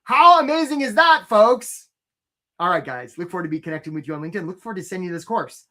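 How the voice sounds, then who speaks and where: A man with a high voice and lively intonation coaches job seekers in a live webinar, talking fast in a sharp tone. He's upbeat and chatty, greets viewers by name, and keeps asking "right?" throughout his energetic pitch.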